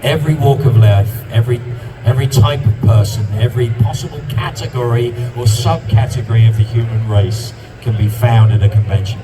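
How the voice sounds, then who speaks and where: A man's voice: medium pitch, brisk, distant mic, over loud music. Passionate man addressing a convention crowd. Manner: passionate, emphatic repetitions. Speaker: convention guest speaker. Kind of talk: on-stage guest talk. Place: convention hall stage.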